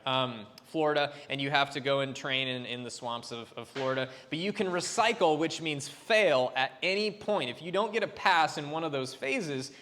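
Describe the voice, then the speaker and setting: A man's voice: fairly high pitch, bright, forceful tone. A man preaching a sermon as a pastor, chatty and loose, with fillers and restarts. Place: church sanctuary. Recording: long reverb of a church hall.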